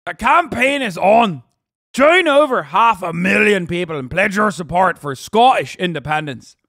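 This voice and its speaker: A man putting on a mock Irish newsreader, loud and excited as he announces. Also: high voice, moderate pace, creaky, no echo, studio quality, exaggerated voice. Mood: announcing.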